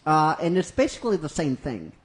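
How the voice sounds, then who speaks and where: A man's voice: a little high, sing-song, fairly quick. A man casually retelling a fan-written script scene by scene, rambling and hesitant with many fillers. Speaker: narrator.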